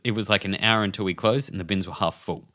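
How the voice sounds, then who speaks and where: A young man co-hosting a podcast, telling a story in a casual, animated way, swearing freely and laughing often. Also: lowish voice, fast. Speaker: podcast co-host.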